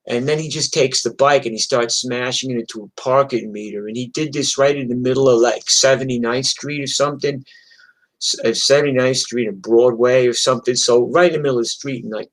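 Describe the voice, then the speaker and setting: A man from New York tells wild stories from his past in a loose, swearing rush. He acts out the blows and shouts as he talks. His voice sits at an ordinary middle pitch. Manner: profane, animated street storytelling. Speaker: host telling stories. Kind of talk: casual storytelling. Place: streamed from home.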